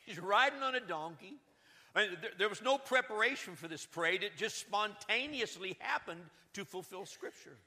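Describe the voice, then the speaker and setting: High, ringing male pastor voice, dramatic shifts from loud to hushed, church-hall reverb. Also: expressive, moderate pace. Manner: dramatic swings between loud urgency and hushed emphasis. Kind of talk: sermon. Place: church sanctuary.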